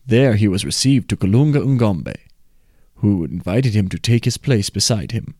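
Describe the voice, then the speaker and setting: A man reading a folk tale aloud in a measured, expressive way. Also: fairly low pitch, no echo, studio quality. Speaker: storyteller.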